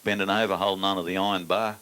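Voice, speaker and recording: A man's voice: low voice, flat delivery, fast, background noise. A middle-aged Australian man, a singer, chatting on stage in crude, joking, blokey banter.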